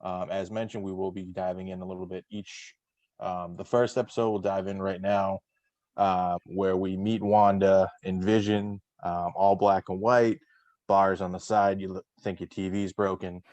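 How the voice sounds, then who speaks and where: Man, low voice, dry close sound, casual host, lots of ums and restarts. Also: level tone, moderate pace, a little mellow, no room sound. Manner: rambling, many fillers and restarts. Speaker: podcast host. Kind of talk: casual chat.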